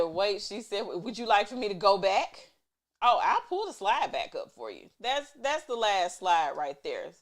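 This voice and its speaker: A woman hosting a casual show recap, chatty and exasperated as she retells scenes, talking on a webcam. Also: fairly low pitch. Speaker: show recap host, intimacy coach.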